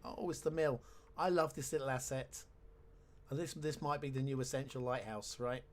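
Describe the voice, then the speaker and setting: A man's voice: mid-range voice, fairly even intonation, moderate pace, slight background noise. A man giving casual let's-play commentary, chatty and wry with sarcastic asides. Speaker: game commentator.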